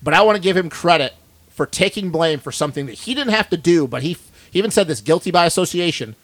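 A man's voice: fairly high pitch, expressive, fast talker, a bit bright, no echo. A man co-hosting a podcast in a studio, ranting bluntly and swearing a lot in casual chat. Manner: blunt, profane, fired-up ranting. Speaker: podcast co-host.

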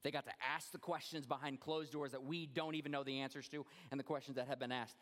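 A man preaching a sermon as pastor, expressive, often dropping low and quiet for emphasis. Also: quick pace. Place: church. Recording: long church reverb.

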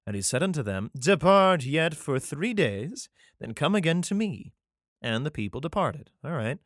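Speaking in a slightly high, fairly bright and very animated voice at normal speed, a man reads old-fashioned scripture and comments on it. Studio-quality audio with no room sound captures his profane, irreverent jokes between verses, plus occasional stumbles and restarts.

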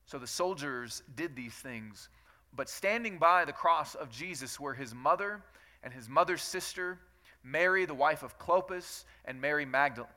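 A man's voice: medium pitch, sharp tone. A man leading a church Bible reading, reading scripture aloud and then explaining it in plain, chatty asides. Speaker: pastor. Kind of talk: Bible reading with casual commentary.

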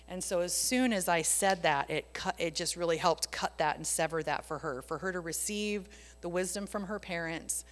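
Woman, faith testimony, casual storytelling, slightly low voice, whispered asides, reverberant space. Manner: animated storytelling, drops to whispers for emphasis. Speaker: Christian speaker sharing a testimony. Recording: long reverb.

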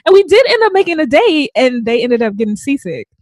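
A woman's voice: sits high, sing-song, a little fast, darkish tone. A woman podcast host in casual chat, telling stories with frequent giggles. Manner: giggly, laughs through stories.

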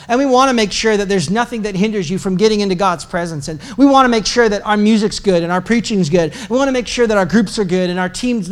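A man's voice: very high voice, a bit bright. A pastor preaching a sermon to his congregation, conversational and joking, with emphatic repetition. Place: church service before a congregation.

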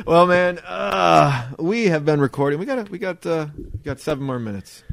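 A man co-hosting a podcast, telling a story in a casual, animated way and acting out what people said. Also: fairly high pitch, normal speed, creaky, dry recording, clean studio sound. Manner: animated, laughing, acts out quotes. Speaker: podcast co-host.

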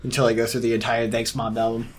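A man's voice: mid-range voice, completely flat delivery, fast. A man co-hosting a casual podcast, profane and dryly teasing. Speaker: podcast co-host. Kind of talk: casual chat.

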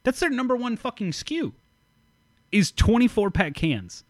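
A man's voice: very high-pitched, big pitch swings, unhurried, dry recording. A man hosting a casual podcast, blunt, emphatic and full of swearing. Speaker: podcast host. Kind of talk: casual profane podcast chat.

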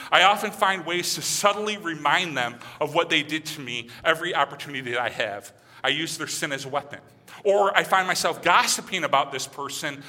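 A man delivers a sermon with a strikingly bright, fairly high voice. He talks to the congregation casually, then reads scripture in soft, hushed tones. His voice carries long reverb from a large hall. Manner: conversational, reads scripture with dramatic quiet passages. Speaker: preacher.

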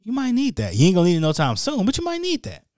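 A man's voice: high voice, huge pitch swings, fast talker, darkish tone, no room sound, studio quality, voice pushed up. A man voicing his own nagging inner voice in a teasing, singsong scolding way. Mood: mocking. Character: nagging inner voice, squeaky and mocking.

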